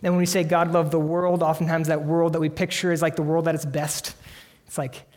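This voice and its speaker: Preaching earnestly at a fairly quick clip, a pastor speaks in a somewhat high voice with flat delivery, the sound ringing out in long church-sanctuary reverb. He pushes toward emphatic peaks, then falls back to soft, hushed words.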